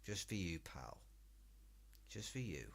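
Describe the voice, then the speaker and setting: A man's voice: low-pitched, big pitch swings, slow, creaky. A British man streaming live, ranting and swearing as he reacts to a video.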